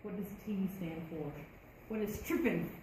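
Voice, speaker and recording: A woman's voice: mid-range voice, moderate pace. A woman teacher, leading a classroom lesson and asking the class questions. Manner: conversational, asks the class questions. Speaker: math teacher. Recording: echoey classroom, faint room noise.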